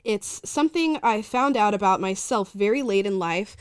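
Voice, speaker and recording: A woman's voice: medium pitch, lively intonation, moderate pace, clean tone, no echo, studio quality. A woman hosting a live talk show, reading viewer comments aloud in an upbeat, chatty way and laughing often.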